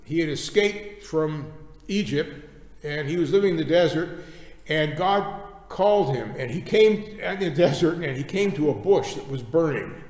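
Slow, emphatic preacher in an echoey hall. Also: male voice, a little high, a little mellow. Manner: reads scripture aloud then explains it, emphatic with pauses. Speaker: pastor. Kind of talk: sermon. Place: church sanctuary. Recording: echoey church hall, distant mic.

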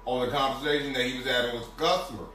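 A man's voice: medium pitch, fairly even intonation, very fast, pushed and bright, a little hiss or hum. A man hosting a casual talk show, telling a long rambling workplace story with many restarts. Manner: rambling anecdotal delivery with restarts. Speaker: podcast host. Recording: echoey room, distant from mic.

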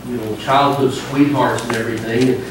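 Preacher echoing through a large church. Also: male voice, mid-range voice, level tone, normal speed. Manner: conversational, storytelling. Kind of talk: sermon. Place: church sanctuary. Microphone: wireless mic cutting out. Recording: echoey sanctuary, distant mic, faint noise.

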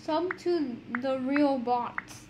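A woman with a high, bright voice chats casually over an online game. She teases, giggles and gets excitable, with clear background noise and clicking under the recording. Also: drawn-out words. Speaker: gamer streamer. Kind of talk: casual gaming chat.

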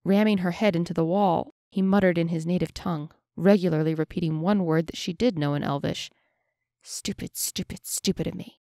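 A woman narrating a fantasy audiobook in a steady, measured way. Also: fairly low pitch, no echo, studio quality.

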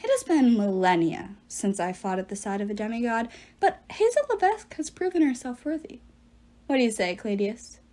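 A woman voicing an ancient, commanding goddess of magic who speaks softly and lyrically. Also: fairly high pitch, sing-song, moderate pace. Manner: soft and lyrical.

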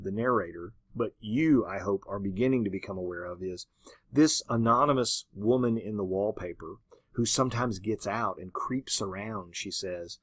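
A man giving a literature lecture in a conversational way, often asking "right?" and pausing on "um". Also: fairly low pitch, dry recording. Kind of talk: classroom lecture.

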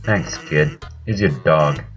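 A man voicing a lazy, wisecracking male skeleton selling snacks, in a laid-back deadpan way. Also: extremely low pitch, takes it slowly, faint music behind, heavily acted. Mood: easygoing.

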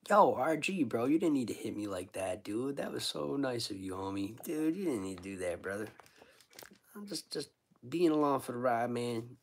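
A man's voice: medium pitch, expressive, normal speed, slight background noise. A man, a street musician, chatting casually with viewers on a livestream, laid-back and rambling, full of slang like dude and bro.

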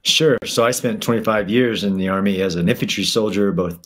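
A man, a guest expert, explaining his background in a measured way over a video call. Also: lowish voice. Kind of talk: interview answers.

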